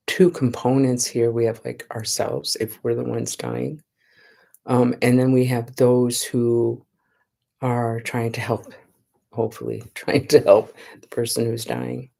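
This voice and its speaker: A woman giving a Buddhist dharma talk as a nun, in an unhurried, conversational way that often checks in with her listeners. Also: a bass voice, little pitch movement, creaky, dark tone. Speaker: Buddhist nun teaching meditation.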